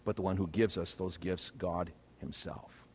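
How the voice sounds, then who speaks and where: A man preaching a sermon as pastor, swinging between loud, emphatic phrases and hushed, low ones. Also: fairly even intonation, normal speed, slight background noise. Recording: long reverb of a large hall.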